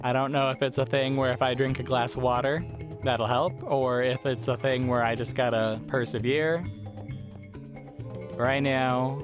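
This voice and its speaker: A man at a middle pitch chats loosely through a let's play, wandering between the game and his own worries, poking fun at himself. His voice is worn and a little hoarse, as if it is going. Game music plays clearly underneath him. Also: level tone, unhurried. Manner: rambling, self-deprecating, chatty. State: losing his voice. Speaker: gaming channel host. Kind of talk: casual let's play commentary.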